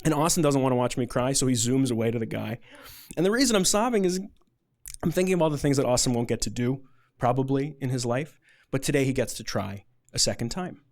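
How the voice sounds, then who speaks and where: A man's voice: medium pitch, fast talker, darkish tone. Chatty male storyteller. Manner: casual, chatty, many "like" fillers. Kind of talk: live personal storytelling.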